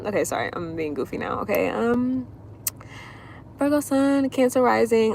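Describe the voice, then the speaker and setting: A woman's voice: on the high side, expressive, moderate pace, vocal fry, a little mellow, a little hiss or hum. Rambling, chatty woman astrologer. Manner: rambling, loose and chatty, drifts in circles. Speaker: astrologer doing readings. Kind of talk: casual livestream chat answering viewer questions.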